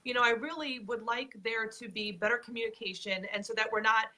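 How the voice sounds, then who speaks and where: A woman hosting a casual interview, recounting her own experiences in an earnest, steady way. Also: a little high, a little fast. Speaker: host.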